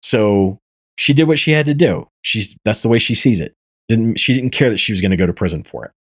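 A man with a low-pitched voice hosts a casual podcast, explaining things at length and circling back with fillers. The sound is dry and close, with no room around it. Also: brisk, dry recording. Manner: rambling, animated explainer with many fillers. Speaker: podcast host. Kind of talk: casual chat.

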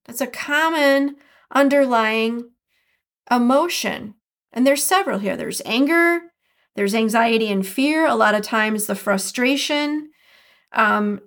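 An earnest woman hosts a solo podcast from home, talking on her own. Her voice sits a little high. She slows down and leans into key words to stress them. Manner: earnest, reflective, speaks with slow emphatic stresses. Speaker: podcast host.

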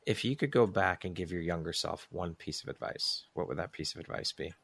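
A man's voice: deep voice, a little fast, vocal fry, fairly bright tone, husky, no echo. A man hosting a podcast interview, asking reflective questions and giving earnest, effusive thanks. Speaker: podcast host.

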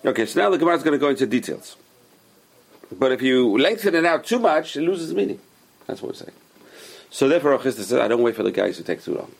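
Gravelly husky guy teaching a class, keeps repeating himself to drive it home. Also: medium pitch, very animated, fast. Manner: insistent, repeats points and drills pronunciation. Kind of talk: casual religious lesson to a small class.

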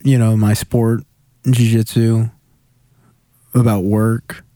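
A young man in casual chat, talking candidly and haltingly about himself. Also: lowish voice, little pitch movement, dark tone, dry recording, clean studio sound.

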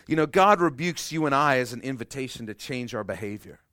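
A man preaching a sermon with passion, repeating his phrases, swinging from loud to hushed and acting out voices in his story. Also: medium pitch, expressive, a little fast, no echo, clean studio sound. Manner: repeats phrases, acts out voices of God and people. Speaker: pastor.

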